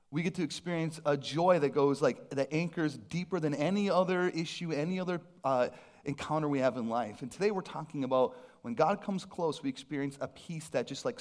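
A man who is a pastor, preaching a sermon with personal storytelling, animated and self-deprecating. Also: on the high side. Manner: animated, self-deprecating humor, frequent restarts.

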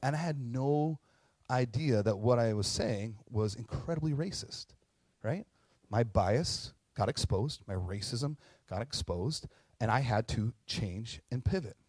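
A man's voice: medium pitch, no echo. Conversational man preaching a sermon, dry sound. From Minnesota. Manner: conversational, animated, acts out quotes with asides. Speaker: pastor.

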